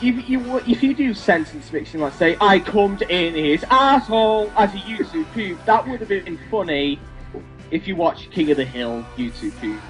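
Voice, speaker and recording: A man's voice: a little high, lively intonation, normal speed, faint music behind, poor audio. A young man in college giving profane, sarcastic ranting commentary, stammering when worked up. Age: young adult. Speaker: co-host of a ranting video.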